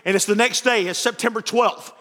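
A man preaching a sermon as pastor, telling stories and moving between quiet asides and raised fervor. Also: sits high, fairly quick. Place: church sanctuary. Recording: church sanctuary with long reverb.

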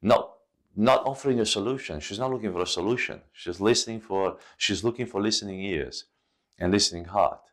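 A middle-aged man hosting a podcast, giving earnest, gently coaching advice and often restarting his phrases. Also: fairly low pitch, a little fast. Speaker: podcast host. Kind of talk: instructive monologue.

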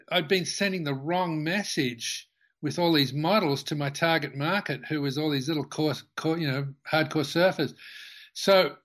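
An older man, a company founder, tells a long anecdote in an interview, halting with many restarts and fillers. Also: on the high side, a bit bright.

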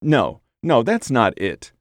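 A man's voice: mid-range voice, wildly swooping pitch, takes it slowly, dry recording, studio quality, pitched above the performer's own voice. A man voicing an easygoing young man who loves his dog, talking in a soothing, laughing way. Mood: amused, soothing.

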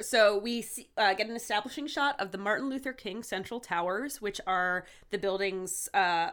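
A young woman co-hosting a podcast in casual chat, rambling into tangents and laughing often. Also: mid-range voice. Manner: chatty, laughs often, warm teasing tangents. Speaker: podcast co-host.

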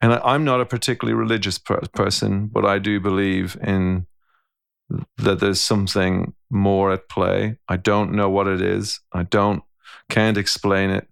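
Gravelly low-voiced man musing aloud. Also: little pitch movement, moderate pace, no echo, studio quality. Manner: thoughtful, storytelling, frequent restarts. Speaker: podcast co-host. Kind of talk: casual reflective conversation.

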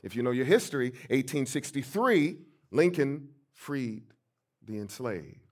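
A middle-aged man from St. Louis, a pastor giving a storytelling sermon, emphatic and swinging between soft and loud. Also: mid-range voice, very animated, measured pace. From St. Louis, USA.

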